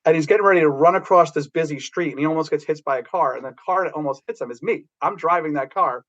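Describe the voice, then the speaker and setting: A middle-aged man telling rambling, animated anecdotes about working as a background actor, with many restarts. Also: fairly high pitch, fast talker, muffled recording.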